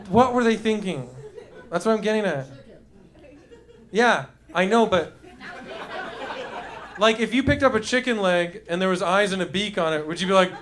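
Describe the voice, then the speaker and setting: A man's voice: high-pitched, normal speed, long pauses, fairly bright tone, some chatter behind. A man doing loose, profane stand-up comedy, riffing with the audience and making yelping sound effects. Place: comedy club stage with live audience.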